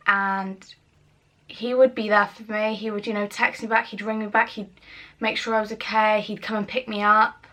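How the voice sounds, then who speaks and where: Bright-voiced young woman vlogging candidly. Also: mid-range voice, flat delivery, normal speed. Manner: chatty, rambling, fillers and self-interruptions. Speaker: YouTuber. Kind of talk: emotional personal vlog.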